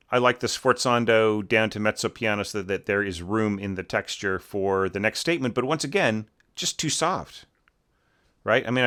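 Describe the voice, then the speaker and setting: This man, an orchestration teacher, critiques a score in a meandering, filler-heavy way, breaking into sung "bum bum" snippets of the phrases. His voice is fairly low and slightly bright.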